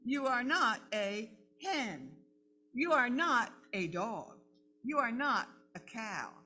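A woman voicing a small lost baby bird in a storybook read-aloud, high and pleading. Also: expressive, slow, pushed and bright, soft background music, heavily acted. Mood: earnest.

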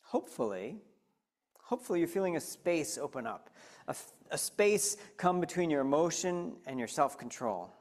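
A man with a slightly high voice gives a lively, conversational talk to a live audience. He often turns to his listeners with questions and guides them through a simple practice as he speaks. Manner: animated, addresses listeners directly with questions. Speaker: speaker leading a mindfulness talk.

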